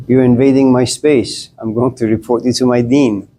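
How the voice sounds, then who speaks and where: A man's voice: mid-range voice, fairly even intonation, normal speed, dark tone, a little hiss or hum, lightly acted. A man voicing a young pregnant woman who questions and pushes back in a told story. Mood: questioning. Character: young pregnant woman, doubtful then anxious.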